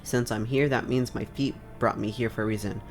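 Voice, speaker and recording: A man's voice: lowish voice, fairly even intonation, brisk, faint music behind, close to an everyday voice. A man voicing a nosy, folksy old woman while reading game dialogue aloud. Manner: old-fashioned folksy phrasing.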